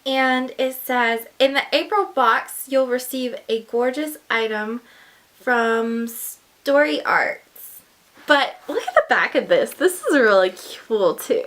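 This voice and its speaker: A woman chatting casually through an unboxing, gushing and excitable, with gasps and whispered asides. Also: high-pitched, takes it slowly. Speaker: book vlogger.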